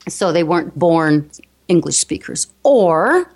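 Brief: North American woman, speech coach guest, earnest teaching tone, slightly low voice. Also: very animated, takes it slowly, creaky, darkish tone, husky. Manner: earnest, explanatory, with frequent restarts. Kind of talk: interview conversation.

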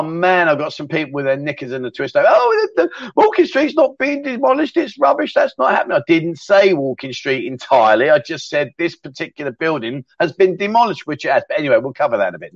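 A man's voice: a little high, animated, quick pace, dry recording. A middle-aged man hosting a casual livestream, chatty and rambling as he reads out viewer comments and laughs easily. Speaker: livestream host. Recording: dull, dry sound.

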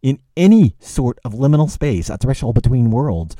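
A male lecturer speaks in a very dark, mellow voice. His pitch swings widely as he fires off rhetorical questions and repeats phrases for emphasis. The recording is dry and close, with no room sound. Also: big pitch swings, normal speed, no room sound. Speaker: literature lecturer.

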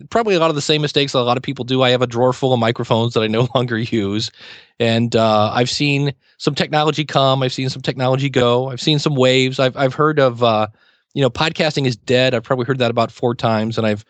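A middle-aged man, a podcasting teacher, chatting as an interview guest and telling lively anecdotes with acted-out quotes. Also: mid-range voice, no room sound. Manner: chatty storyteller, acts out quoted exchanges. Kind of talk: casual interview talk.

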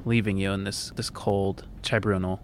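A man narrating scenes as game master of a tabletop game, in a descriptive, unhurried way. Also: low voice, little pitch movement, heavy background noise.

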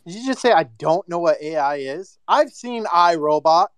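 A man's voice: a little high, expressive, normal speed, clean tone, dry recording. Brash, emphatic man ranting. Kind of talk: casual chat.

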